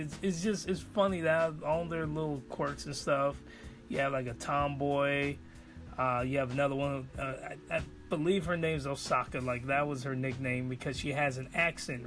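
A man's voice: mid-range voice, a bit bright. A man giving a casual spoken review of an anime in a rambling, enthusiastic way.

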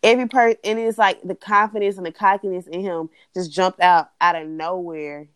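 A young woman co-hosting a casual chat, blunt and animated, swearing freely as she rants. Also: on the low side, moderate pace, smooth, no room sound. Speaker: podcast co-host.

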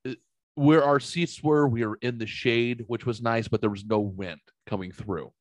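A man's voice: medium pitch, normal speed, dry recording. A man in his forties, telling stories in a casual chat, acting out quotes and swearing freely. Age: 40s. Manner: animated storyteller, acts out quotes, swears freely. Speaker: podcast co-host.

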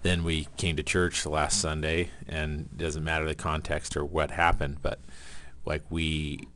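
Brief: deep-voiced male co-host, animated, acts out the dialogue as he talks. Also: a little slow. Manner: animated storyteller who acts out quotes and laughs. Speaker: podcast co-host. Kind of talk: casual faith podcast storytelling.

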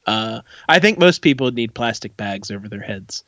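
Sarcastic, lively bright-voiced man. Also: lowish voice, moderate pace, dry recording. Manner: sarcastic joking. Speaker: podcast co-host. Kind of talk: casual podcast chat.

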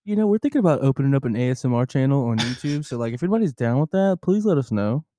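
Very fast and animated, this man's mid-range voice has a mellow quality with no echo. He's co-hosting a laid-back podcast through a close studio microphone, spinning a story packed with laughter and profanity.

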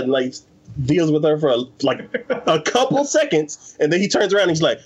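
A man's voice: a little high, animated, brisk, a little mellow, dull audio. A man in casual chat, animatedly retelling an anime plot and acting out the characters' lines, with lots of fillers. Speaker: anime podcast co-host.

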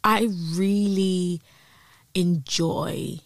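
A woman guest on a podcast, chatting in a lively, opinionated way with slang. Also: on the low side, extremely slow, creaky, no room sound. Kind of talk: casual chat.

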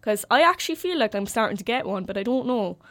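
A young woman with a Carlow Irish accent, hosting a student radio chat and telling stories with lively quoted voices. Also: fairly high pitch, quick pace. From Carlow, Ireland. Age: young adult. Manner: chatty storyteller, animated quoting. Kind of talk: casual chat.

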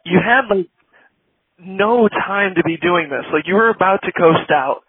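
High-voiced caller on a tinny phone line. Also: male voice, a little slow, slightly rough. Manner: laughing, animated storytelling. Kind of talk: casual chat. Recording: phone line with faint hiss.

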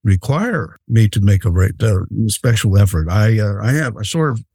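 An actor playing a jolly, patient old Santa Claus, telling unhurried, fatherly anecdotes with many fillers in an interview. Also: on the low side, expressive, dark tone, husky, dry recording. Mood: gentle. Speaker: interview guest. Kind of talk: in-character storytelling interview.

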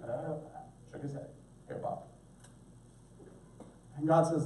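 Male pastor, earnest sermon, slightly high pitch, roomy echo. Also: slow, pauses often, dark tone. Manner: earnest, preaching directly to the congregation. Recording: echoey room, mic at a distance.

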